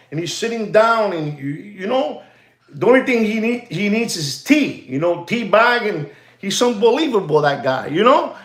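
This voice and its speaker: A man hosting a watch market livestream, rambling and repeating himself, calling out to "ladies and gentlemen" and dropping Spanish phrases. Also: high voice, reverberant. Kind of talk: casual livestream monologue.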